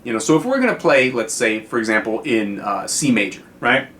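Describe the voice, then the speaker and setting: A man's voice: medium pitch, lively intonation, brisk, fairly bright tone, a little hiss or hum. An American man giving a casual guitar lesson on video, chatty and full of fillers, often checking in with "right?". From United States. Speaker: guitar teacher.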